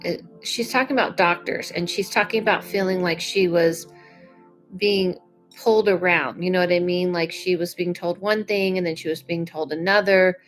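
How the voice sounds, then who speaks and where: A woman giving live psychic readings to viewers, chatty and unhurried with frequent fillers. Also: fairly low pitch, steady tone, soft background music, rough recording. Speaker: psychic medium.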